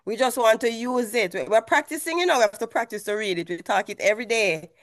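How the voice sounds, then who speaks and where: A woman's voice: a little high, lively intonation, quick pace, no echo, clean studio sound. A woman leading an online church meeting over a video call, calling on people by name and giving directions.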